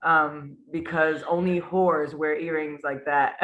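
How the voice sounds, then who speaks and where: A woman student sharing personal stories in a class discussion, animated and acting out the voices of the people she quotes. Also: low-pitched, slow, highs cut off.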